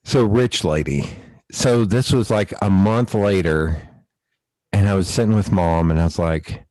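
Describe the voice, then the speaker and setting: A man with a very low voice hosts a podcast in a relaxed, chatty way. He tells stories with lively energy and swears without a second thought. The recording is dry, with no room echo. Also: normal speed. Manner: animated storyteller, swears casually. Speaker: podcast host. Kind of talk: casual conversation.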